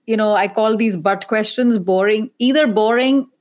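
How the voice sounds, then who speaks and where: A woman's voice: medium pitch, moderate pace. A woman career coach and podcast host talking animatedly in a casual panel discussion, joking and exasperated.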